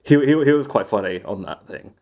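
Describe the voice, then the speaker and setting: A man's voice: on the low side, lively intonation, fairly quick, gravelly, a little mellow. A man co-hosting a casual podcast chat, rambling through stories and laughing often. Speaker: podcast co-host.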